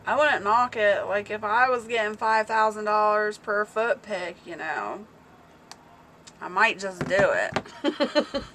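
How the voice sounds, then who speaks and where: A woman's voice: medium pitch, expressive, slow pace, long pauses, a bit bright, slight background noise. A woman hosting a casual livestream, chatting with viewers, telling stories and reading comments aloud, laughing often. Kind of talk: casual chat.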